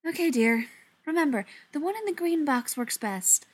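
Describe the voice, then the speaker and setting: A woman's voice: sits high, animated, normal speed, pitched above the performer's own voice. Woman doing a fussing, kindly older lady. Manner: warm, fussing.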